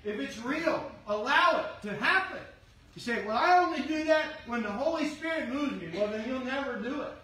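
Fervent shouting preacher in echoey church. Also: male voice, very high-pitched, expressive, moderate pace. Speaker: pastor. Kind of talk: sermon. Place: church sanctuary. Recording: echoey sanctuary from far off with faint hum.

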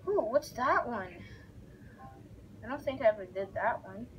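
Excitable woman gamer narrating gameplay; lively, unhurried delivery. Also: on the high side, highs cut off, slight background noise. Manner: excitable, reacts loudly and narrates the on-screen action. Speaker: gaming video creator. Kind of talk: casual let's-play commentary.

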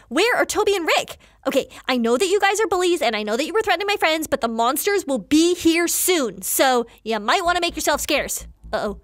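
High, animated woman narrating a game. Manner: excitable, dramatic gasps and exclamations. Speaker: gaming video host. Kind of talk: narrating a Roblox game while playing.

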